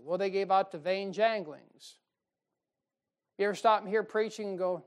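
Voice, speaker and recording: A man preaching a folksy, emphatic sermon, with sudden loud bursts and mocking quotes. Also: sits high, normal speed. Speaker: pastor. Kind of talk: fiery sermon.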